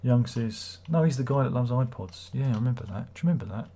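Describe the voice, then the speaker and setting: A livestream host with a husky, mellow, mid-range voice chats casually and rambles fast and expressively. He swears freely and reads viewer comments out loud.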